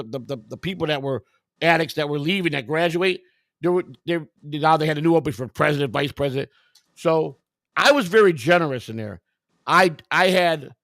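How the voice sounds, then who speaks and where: A man's voice: a little high, a bit bright, dry recording, studio quality. An older man candidly telling his life story in conversation, blunt and profane, rambling with restarts and quoted dialogue. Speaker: guest.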